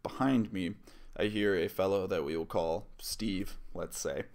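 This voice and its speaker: A man tells a story on his vlog in a casual, rambling way, filling it with ums and asides. His voice sits very low, with a gravelly, fry-heavy edge. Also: unhurried, a little mellow. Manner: rambling, many fillers and asides. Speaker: vlogger. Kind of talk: casual first-person storytelling.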